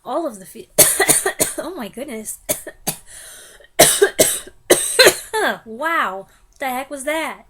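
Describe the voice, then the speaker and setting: A woman's voice: sits high, animated, a little slow, a bit bright, a little hiss or hum. A young woman reviewing films, stumbling over lines, restarting takes and laughing at herself. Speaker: film reviewer. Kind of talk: blooper reel of review takes.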